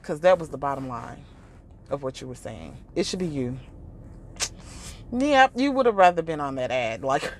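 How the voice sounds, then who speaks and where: A woman's voice: deep voice, very animated, slow, long pauses, slight background noise. Exasperated woman ranting on her vlog. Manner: exasperated, mocking, with frequent laughs; imitates others in quoted asides. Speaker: vlogger. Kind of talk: casual reaction rant.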